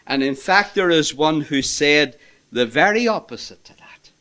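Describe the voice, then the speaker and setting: A man preaching a sermon in an impassioned way, swinging between loud emphasis and hushed asides. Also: fairly high pitch, expressive, a little slow.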